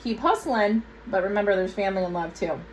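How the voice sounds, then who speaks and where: A woman's voice: medium pitch, brisk, slight background noise, rough recording. Chatty woman doing a tarot reading. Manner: chatty, talks straight to viewers with asides. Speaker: tarot reader. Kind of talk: casual tarot reading to camera.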